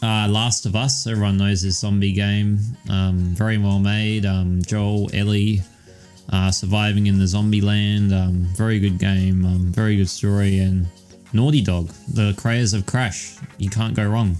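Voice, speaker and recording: Over soft background music, a young man co-hosting a podcast chats casually in a lowish, slightly mellow voice with little pitch movement and a measured pace. He rambles and swears, with plenty of ums and "all right"s.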